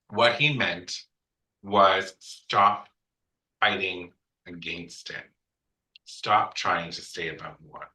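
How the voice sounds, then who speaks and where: A man's voice: sits low, extremely slow, long pauses, pushed and bright. A man guest telling his story candidly, frank and reflective, with a touch of sass. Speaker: podcast guest. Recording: echoey room, distant mic.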